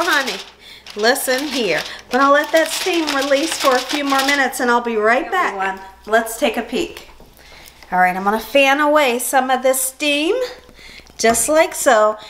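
A woman's voice: on the high side, fairly bright tone, a little hiss or hum. A woman hosting a home cooking show from her kitchen, bubbly and folksy, calling her viewers guys and honey.

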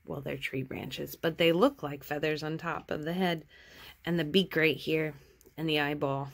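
A woman artist cheerfully and gently chatting through her sketches in a casual show-and-tell. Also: low-pitched, steady tone, moderate pace, gravelly.

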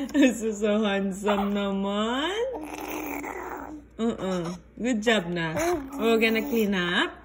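A young mother talking to her baby at home over lunch, in sing-song baby talk with frequent laughter. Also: mid-range voice. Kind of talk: baby talk while feeding.

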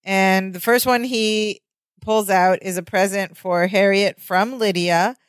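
A woman's voice: mid-range voice, slow pace, smooth, no room sound, clean studio sound. A woman co-hosting a podcast, casually retelling a sitcom episode and acting out the characters' lines. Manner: animated retelling with voiced quotes. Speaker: podcast co-host. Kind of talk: casual recap chat.

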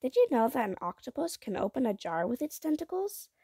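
A woman putting on a curious bookish little girl, soft coaxing voice, higher pitch, mellow. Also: very animated, brisk, husky, no echo, studio quality, full character voice.

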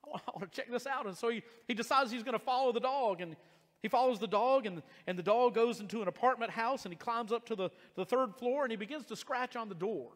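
A man preaching a sermon as pastor, earnest, often repeating and restarting phrases and slowing down to stress key words. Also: very high-pitched, big-room sound. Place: church sanctuary.

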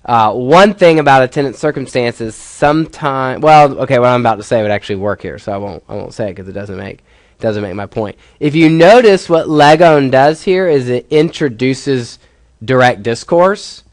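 A man's voice: medium pitch, expressive, moderate pace, dry recording. Guy teaching a class, explains patiently, asks questions, dry close sound. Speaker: professor.

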